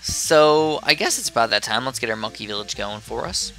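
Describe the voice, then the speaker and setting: A man's voice: mid-range voice, lively intonation, fairly quick, vocal fry, bright, forceful tone, faint music behind. A sleepy young man giving casual, rambling commentary while playing a game, drifting off topic into chatty asides. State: sleepy, yawning. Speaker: gameplay commentator.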